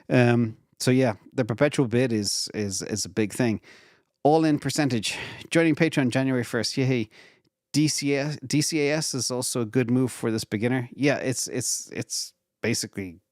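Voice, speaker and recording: A man's voice: fairly low pitch, dry recording, studio quality. A man hosting a live viewer Q&A on investing, talking casually in long, rambling explanations full of fillers and restarts. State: retired from regular work. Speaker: investing channel host. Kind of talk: live Q&A answering viewer questions.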